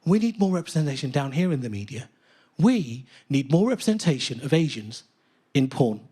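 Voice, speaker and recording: A British man doing stand-up on a theatre stage, animated, profane and mock-indignant. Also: mid-range voice, normal speed, slightly rough. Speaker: stand-up comedian. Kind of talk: stand-up comedy. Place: theatre stage with live audience.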